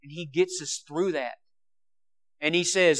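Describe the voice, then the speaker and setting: A man preaching a sermon with passion, swinging between loud emphasis and quiet asides. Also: on the high side, fairly even intonation, a little slow, pauses often.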